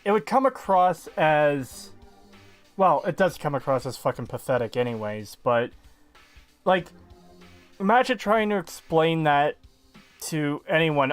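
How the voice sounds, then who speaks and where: Argumentative man, slightly high voice. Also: very animated, a little slow, pauses often, faint music behind. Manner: argumentative, profane. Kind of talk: casual gaming stream chat.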